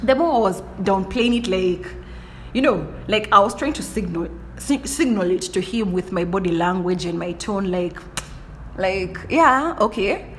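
A woman's voice: mid-range voice, expressive, unhurried, a bit bright, slight background noise. A young woman hosting a casual monologue, talking bluntly and with lots of animation, often restarting her sentences and throwing in playful exclamations. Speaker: podcast host.

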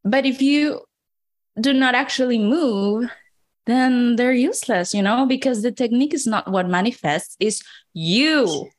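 A woman co-hosting a podcast, speaking in an unhurried, reflective way in casual chat. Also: fairly high pitch. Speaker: podcast co-host.

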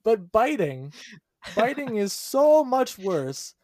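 A man co-hosting a casual podcast, chatty and animated, often laughing as he talks. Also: high-pitched, takes it slowly. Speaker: podcast co-host.

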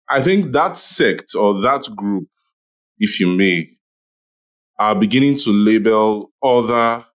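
In a Clubhouse room, a man with a lowish, fairly bright voice chats casually, laughing and saying "you know" a lot. The audio quality is poor.

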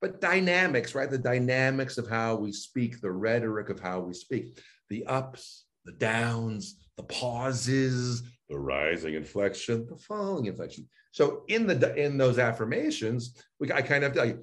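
A man, a voice and speech coach, chatting in an interview with lively, animated phrasing and frequent laughs. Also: mid-range voice, a little slow, few pauses. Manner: animated, demonstrates intonation with exaggerated phrasing; laughs often, restarts sentences. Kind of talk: casual interview talk.

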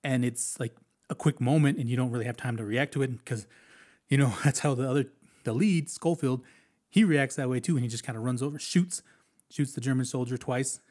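Chatty man reviewing a war movie. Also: mid-range voice. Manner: animated, chatty, acts out quotes, laughs often. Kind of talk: casual film review.

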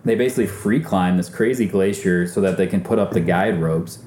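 Low-voiced man telling a story. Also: a little fast, darkish tone, echoey room. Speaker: guest, race car driver. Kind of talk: casual storytelling.

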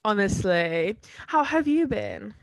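A woman co-hosting a podcast in relaxed casual chat and steering the topic. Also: medium pitch, slow, no echo. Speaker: podcast co-host.

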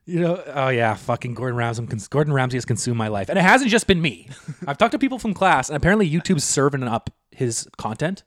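Young male co-host, rapid and rambling, casual swearing; dry close mic. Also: mid-range voice, expressive, no room sound. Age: young adult. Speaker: podcast co-host. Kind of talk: casual chat.

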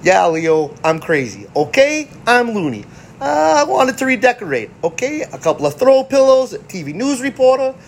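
A man voicing a sarcastic young male mutant turtle hero, pitching his voice up and speaking with a mocking edge. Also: sing-song, brisk, hardly any pauses, darkish tone, a little hiss or hum. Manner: sarcastic, raised voice.

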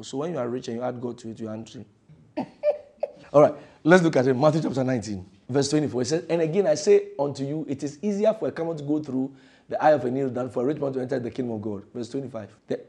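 A male pastor preaching a fervent sermon in a church, repeating phrases and swinging between loud declarations and hushed lines. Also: medium pitch, slightly rough.

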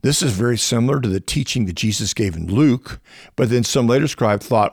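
Gravelly man explaining scripture history. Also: a little fast, no room sound, studio quality. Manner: animated, rising pitch when stressing points. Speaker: biblical scholar teaching on a podcast. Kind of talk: conversational teaching.

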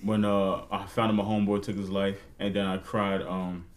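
A man's voice: sits low, flat delivery, normal speed. A man co-hosting a podcast, telling a work story in casual, profane chat. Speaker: podcast co-host.

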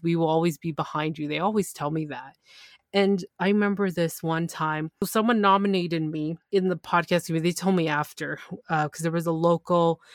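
A woman podcast host telling a personal story in a casual, animated way, full of exclamations. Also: fairly low pitch, no echo, clean studio sound. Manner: animated, excitable retelling.

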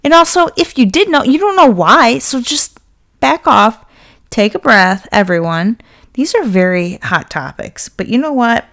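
A woman's voice: fairly high pitch, expressive, a little slow, a bit bright. A young woman hosting a podcast who vents in a casual, blunt and profane monologue, getting fired up as she talks. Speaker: podcast host.

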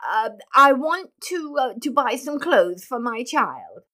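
A woman's voice: high-pitched, very animated, slow pace, bright, forceful tone, pitched above the performer's own voice, exaggerated voice. A woman reading aloud, voicing a nervous, flustered father who stammers and hesitates.

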